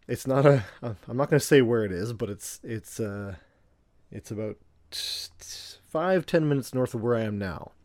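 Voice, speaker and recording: A man's voice: mid-range voice, lively intonation, moderate pace, darkish tone, dry recording. A man co-hosting a podcast, talking in a hesitant, casual way with lots of fillers. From Canada. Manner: hesitant, with many fillers and laughs. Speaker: podcast co-host.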